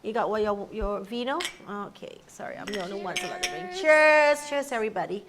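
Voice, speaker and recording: A woman's voice: medium pitch, animated, fast talker, noisy background. A woman hosting a live show in casual chat, playful and joking. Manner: playful, jokey, upbeat. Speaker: host.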